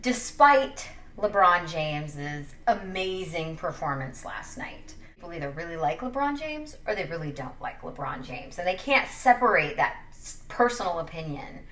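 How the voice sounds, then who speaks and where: Young woman sports vlogger, sassy and jokey, swinging pitch, echoey room with a distant mic. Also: sing-song, moderate pace, a bit bright. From Wyoming. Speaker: sports commentator. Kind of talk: casual opinion vlog.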